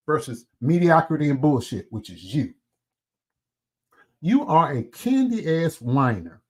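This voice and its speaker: Fired-up man ranting, pitch swinging wide. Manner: angry, cussing, swings from loud to low; eats while talking. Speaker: commentary vlogger. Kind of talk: heated call-out rant.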